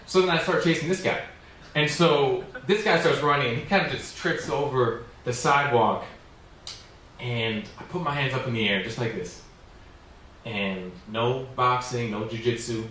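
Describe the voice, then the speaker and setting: A man's voice: mid-range voice, a bit bright. Rambling self-mocking man doing stand-up in an echoey room. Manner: rambling, self-mocking, lots of "like" and "you know". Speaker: stand-up comedian. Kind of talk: stand-up storytelling. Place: small comedy venue with an audience. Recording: very echoey room, distant mic, faint noise.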